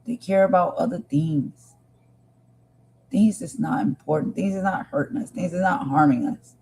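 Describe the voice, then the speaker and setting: A woman's voice: on the low side, moderate pace, creaky, darkish tone, a little hiss or hum. A woman hosting a livestream, talking earnestly and with passion to her viewers. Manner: earnest, impassioned, talks to viewers directly. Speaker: livestream host. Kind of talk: emotional livestream commentary.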